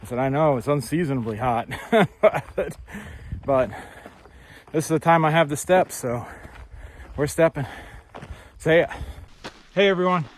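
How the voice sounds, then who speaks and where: A man's voice: a little high, measured pace, pauses often, a little hiss or hum. A man hiking and filming himself on a handheld phone outdoors, upbeat and chatty, repeating himself and laughing often, sometimes out of breath on hills. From New Hampshire, USA. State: out of breath while walking uphill. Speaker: hiking vlogger. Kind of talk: casual outdoor vlog. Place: outdoors on hilly rural roads and hilltops. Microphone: handheld phone camera.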